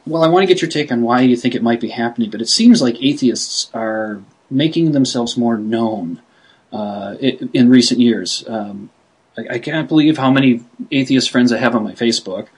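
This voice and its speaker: A man's voice: medium pitch, normal speed, a little mellow, breathy edge, low-quality recording. A man hosting a radio interview, asking long rambling questions in an eager, enthusiastic way and laughing easily. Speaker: radio show host, interviewer. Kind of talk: casual interview.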